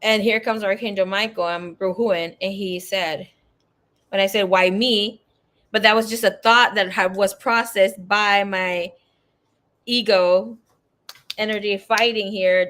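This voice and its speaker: A woman's voice: mid-range voice, fairly even intonation, a little slow, a bit bright. A woman in her thirties, a psychic tarot reader, chatting casually and telling a story with laughs, swearing and acted-out quotes.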